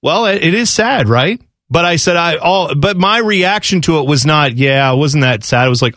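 A man's voice: a little high, expressive, normal speed, fairly bright tone, no echo, clean studio sound. A man co-hosting a sports talk show in casual banter, rambling and laughing, often acting out quotes in other voices. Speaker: radio sports show co-host.

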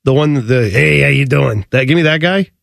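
A man's voice: medium pitch, normal speed, creaky, dry recording, studio quality. A man co-hosting sports radio with a cold, ranting animatedly in casual banter. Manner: animated, mock-shouting ranter. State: has a cold. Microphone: studio broadcast mic.

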